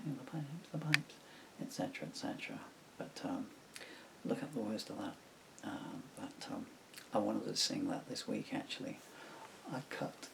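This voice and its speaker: A man's voice: on the low side, creaky, slight background noise, rough recording. An older man from England, reminiscing on camera at home in a meandering way, full of fillers and asides. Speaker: songwriter talking to camera. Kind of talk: rambling personal reminiscence. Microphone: camera mic.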